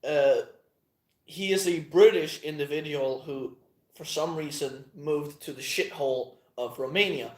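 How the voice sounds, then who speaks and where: A man's voice: fairly high pitch, a little mellow. A man talking casually in a rambling monologue, swearing often and trailing off with plenty of fillers. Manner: profane, meandering, halting with many fillers. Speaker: channel host. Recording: echoey room.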